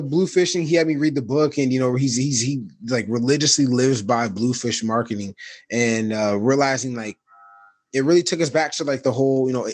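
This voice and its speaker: A man co-hosting a podcast in casual chat, speaking in a halting, reflective way with many fillers. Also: mid-range voice, no echo. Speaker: podcast co-host.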